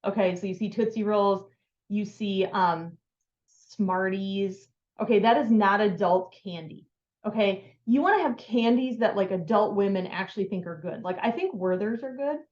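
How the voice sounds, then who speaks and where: A woman's voice: medium pitch, moderate pace, darkish tone, echoey room, lo-fi sound. A woman giving a casual, upbeat how-to talk on sales and networking, full of filler words. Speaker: sales trainer.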